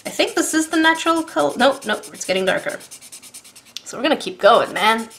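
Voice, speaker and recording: A young woman vlogging an art supply unboxing and marker demo, excitable and giggly, often repeating herself as she talks. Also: fairly high pitch, normal speed, long pauses, slight background noise. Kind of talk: casual unboxing and product demo.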